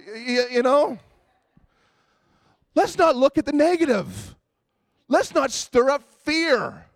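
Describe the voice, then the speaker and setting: A man preaching a sermon, animated, acting out the people in his stories. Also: sits high, unhurried, dry recording, studio quality. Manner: animated storytelling, acting out quoted voices. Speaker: pastor.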